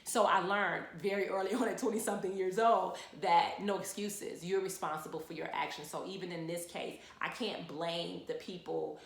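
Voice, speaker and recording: A woman who works as a lawyer, giving frank, animated advice to the camera in a casual chat. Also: fairly low pitch, moderate pace, gravelly, hardly any pauses, echoey room. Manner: frank, animated storytelling with repeated phrases.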